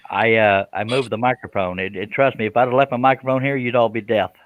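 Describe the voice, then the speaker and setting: A man's voice: medium pitch, fairly even intonation, fast, dry recording, narrow, tinny audio. A man hosting a woodworking live stream, chatting casually and joking with his co-hosts. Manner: jokey, laughing easily, drawling "y'all". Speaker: scroll saw pattern designer hosting a live stream.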